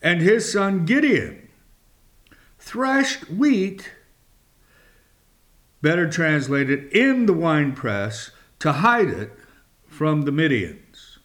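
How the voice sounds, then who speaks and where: A man's voice: fairly high pitch, very animated, a bit bright. A man preaching a sermon, reading scripture aloud and explaining it with dramatic emphasis, at times dropping to a whisper. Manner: slow and deliberate.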